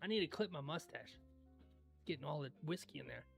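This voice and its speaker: A young man hosting a livestream in casual chat, laid-back and rambling into stories, often clearing his throat. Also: a little high, animated, fairly quick, fairly bright tone, faint music behind. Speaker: livestream host.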